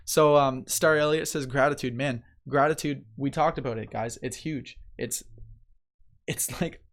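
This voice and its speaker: A man hosts a motivational live show, talking to viewers in a relaxed, chatty way. He reads their comments aloud and responds to them, often checking in with a quick "right?" and light laughter. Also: medium pitch. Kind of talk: casual live-stream talk, reading viewer comments.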